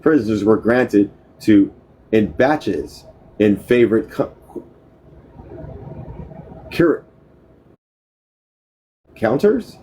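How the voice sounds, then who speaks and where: Low, mellow man reading aloud haltingly. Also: animated, low-quality recording. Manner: halting reading, restarts and corrects mispronounced words. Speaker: book reader. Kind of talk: reading a history book aloud.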